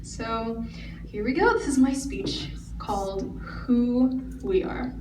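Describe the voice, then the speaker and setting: A woman's voice: on the high side, takes it slowly, distant mic. A teenage girl giving an earnest, prepared speech as a student speaker in a large convention hall. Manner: earnest, recited delivery. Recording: echoey hall recorded from afar, faint noise.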